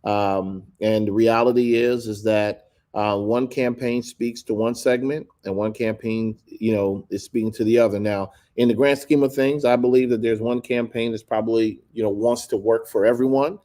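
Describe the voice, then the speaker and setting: A man with a somewhat low voice gives measured commentary as a guest. He talks deliberately, hedging and restarting phrases while he builds his point. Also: fairly even intonation, mellow. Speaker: guest speaker.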